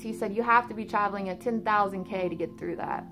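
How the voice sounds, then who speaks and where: A woman recounting a personal experience in a casual, animated way. Her talk is informal and loose, full of fillers and the odd swear word. Faint music plays quietly behind her voice. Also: mid-range voice, brisk. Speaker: storyteller of out-of-body experiences.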